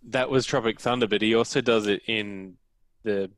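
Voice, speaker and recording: A man chatting casually, tossing in quick offhand remarks. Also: on the low side, steady tone, no room sound. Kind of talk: casual chat.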